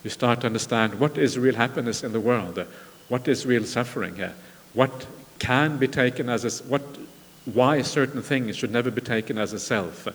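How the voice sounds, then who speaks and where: A man's voice: medium pitch, moderate pace. Man teaching in a reverberant hall. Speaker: Buddhist meditation teacher. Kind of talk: retreat dharma talk. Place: large meditation hall. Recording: long reverb of a large hall.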